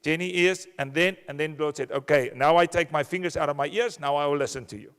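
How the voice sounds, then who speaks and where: A man's voice: a little high, quick pace, a bit bright, clean tone. Earnest man testifying in a hall. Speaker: conference attendee. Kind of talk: personal testimony. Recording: reverberant conference hall.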